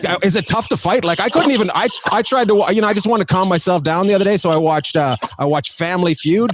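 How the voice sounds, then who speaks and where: A man doing crowd work as a comedian on a live stream, teasing people with quick banter and laughing at his own jokes. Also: sits high, dry recording. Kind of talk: crowd work with an online audience. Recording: loud background noise.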